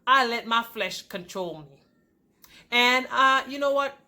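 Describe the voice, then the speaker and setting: A woman vlogger telling her own relationship story to her viewers, candid and conversational, with sharp jumps in pitch and loudness as her feelings rise. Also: unhurried. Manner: pitch and volume swing widely with emotion. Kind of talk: personal storytelling to camera.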